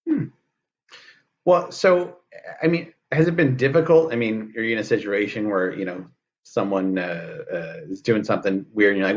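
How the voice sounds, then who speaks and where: A man's voice: fairly low pitch, moderate pace. A man hosting an improv comedy interview, asking hesitant, rambling questions full of fillers. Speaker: talk show host. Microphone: video call. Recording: dull lo-fi video call audio.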